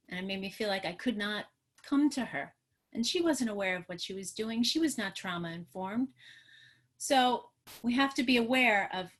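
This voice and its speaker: A woman's voice: mid-range voice, fairly bright tone. A middle-aged woman from New York, a trauma therapist, giving an earnest teaching talk on a video call. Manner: earnest, teaching, talks with her hands. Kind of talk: educational webinar talk.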